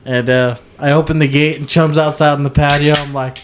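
Laid-back man, a bit high-pitched. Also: little pitch movement, a little fast, noisy background. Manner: laid-back, says "dude" a lot. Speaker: podcast co-host. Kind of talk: casual chat.

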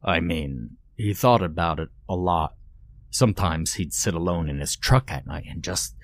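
A man voicing a sinister, overly polite male stranger who speaks softly with quiet menace, in a horror story reading. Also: deep voice, expressive, moderate pace. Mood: silky menace. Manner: soft, courteous, quietly menacing.

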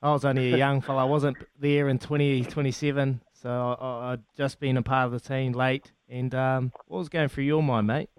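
A young man co-hosts a breakfast radio show. He talks in a jokey, matey way. His voice is smooth and resonant, recorded close and dry in the studio. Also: medium pitch, level tone, a little fast, hardly any pauses, dry recording. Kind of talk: casual radio chat.

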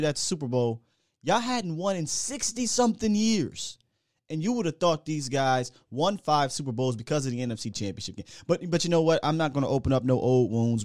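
A man hosting a live sports talk stream, hyped and slangy, reading shout-outs to the chat. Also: mid-range voice, dry recording, clean studio sound. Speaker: sports show host.

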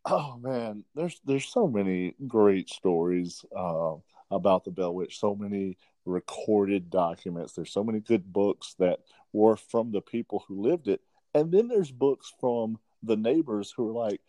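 A man's voice: fairly low pitch, animated, measured pace, dark tone, dry recording. A man co-hosting a podcast in casual chat, laid back and hesitant, with many "uh" fillers. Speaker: podcast co-host.

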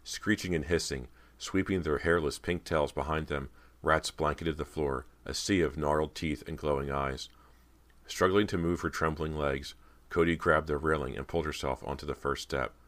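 Man, audiobook narration, very deep voice, steady pace. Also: moderate pace.

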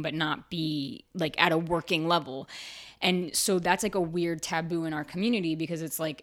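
A woman with a somewhat low voice talks in a casual interview, peppering her speech with "like". She tells stories with energy, jumping up in pitch when acting out what people said. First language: bilingual in Spanish. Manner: animated storyteller, acts out quoted exchanges with big pitch jumps; filler-heavy, lots of "like". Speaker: actor guest.

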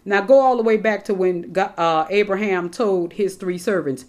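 Woman preacher giving a lively sermon. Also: medium pitch, a little fast, few pauses. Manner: animated, addresses congregation directly, casual asides. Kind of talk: sermon with scripture reading.

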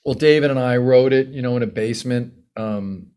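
Talk-show guest, male, middle pitch; animated, swears, restarts a lot. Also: fairly quick, clear, resonant tone. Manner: animated storyteller, frequent restarts, casual swearing. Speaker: guest screenwriter and producer. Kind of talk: casual podcast conversation.

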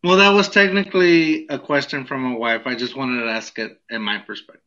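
Man, podcast co-host, casual chat, bright tense voice, dull lo-fi sound. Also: medium pitch, steady tone, brisk. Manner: laid-back, hesitant, laughs often.

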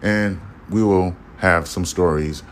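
A man with a very low voice talks alone on his podcast. His delivery is blunt, profane and preachy. He keeps checking in with his listeners as he talks, with a faint noise in the background. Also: slow. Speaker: podcast host. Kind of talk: casual monologue.

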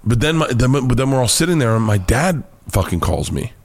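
A man with an American accent, a comedian guest telling animated, profane stories in an interview and acting out quoted voices. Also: medium pitch, a little fast, creaky, slightly rough. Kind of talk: storytelling interview chat.

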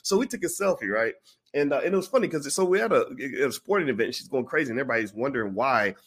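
A man's voice: medium pitch, racing, breathy edge. A man vlogger telling a story in a casual way, acting out the people in it. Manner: animated, acts out the people in his stories.

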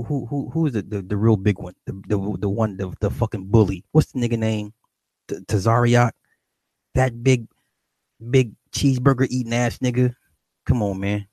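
A man's voice: lowish voice, darkish tone, no room sound. A middle-aged man streaming to his viewers in a casual, profane rant, repeating and restarting phrases as he goes.

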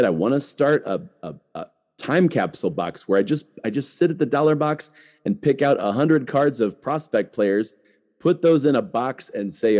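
Hosting his podcast, a middle-aged man keeps things conversational, with frequent "like"s and restarts. His voice is mellow and somewhat low.

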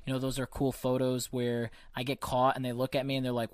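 A man's voice: medium pitch, fairly quick, no room sound, studio quality. A man hosting a podcast from home, telling stories in casual chat, cursing freely and acting out the people he quotes. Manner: profane, animated storyteller acting out quotes. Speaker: podcast host.

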